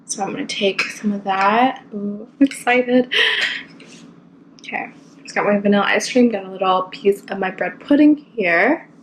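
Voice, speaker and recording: A woman's voice: mid-range voice, moderate pace, slight background noise, low-quality recording. A woman, talking casually and enthusiastically in a cooking vlog, rambling with lots of fillers. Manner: chatty, rambling, enthusiastic, with many likes and fillers. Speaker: cooking vlogger.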